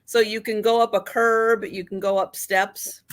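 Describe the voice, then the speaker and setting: A woman with a mid-range voice hosting a live online chat. She talks slowly and greets viewers by name in a friendly way. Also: medium pitch, little pitch movement. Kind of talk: casual live-stream chat.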